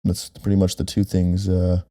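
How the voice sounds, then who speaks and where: A man's voice: deep voice, completely flat delivery, moderate pace, dark tone, no echo. A young man co-hosting a casual podcast from home, rambling with lots of fillers and self-deprecating asides, close on a directional mic. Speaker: podcast co-host. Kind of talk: casual chat.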